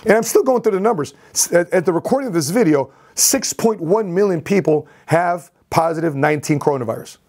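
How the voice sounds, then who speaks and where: A man telling a personal story on his vlog as an entrepreneur, in an animated, repetitive way. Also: high voice, a little fast, hardly any pauses. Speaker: entrepreneur vlogger.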